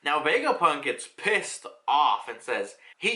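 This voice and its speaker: A young man casually reacting to and retelling a comic chapter, animated and profane, slipping into excited mock character voices. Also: fairly high pitch, slow, few pauses. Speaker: manga reaction host.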